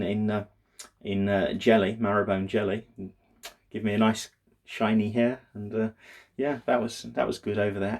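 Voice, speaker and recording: Husky-voiced man rambling. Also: lowish voice. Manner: rambling, hesitant, with many fillers and restarts. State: low and downbeat. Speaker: vlogger. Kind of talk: casual daily video diary.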